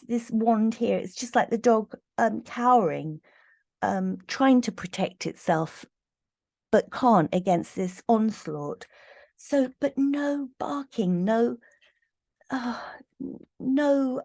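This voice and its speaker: A woman giving an earnest, halting tarot reading to camera, with many fillers and growing emotion. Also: fairly high pitch, expressive, a little mellow. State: getting emotional. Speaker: tarot reader.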